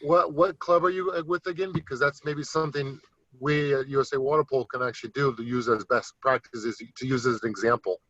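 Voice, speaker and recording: A man's voice: mid-range voice, steady tone, brisk, a bit bright, no echo, lo-fi sound. A man representing a water polo federation, asking practical questions.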